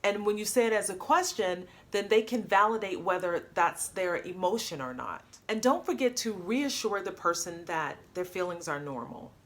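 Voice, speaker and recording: A woman coach talking to camera, upbeat and animated, acting out example phrases as she explains. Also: mid-range voice, normal speed, hardly any pauses.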